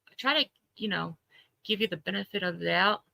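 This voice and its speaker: Bright-voiced chatty woman livestreaming. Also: medium pitch, a little fast, gravelly, dry recording, rough recording. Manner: greets viewers by name between stories; chatty, laughs at own stories. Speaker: livestream host. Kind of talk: casual livestream chat.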